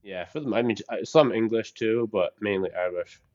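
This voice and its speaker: Low, hesitant man on muffled audio. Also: moderate pace, a little mellow. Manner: hesitant, many fillers. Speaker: stream co-host. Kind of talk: casual chat.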